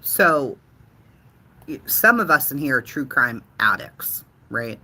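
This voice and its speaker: A man tells true-crime stories with a bright, sharp tone and a husky edge. He is dramatic and profane, and he repeats his punchlines. His voice swoops from low mutters up to high exclamations. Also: slow. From Boston, USA. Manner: animated, profane, dramatic repetition. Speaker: host.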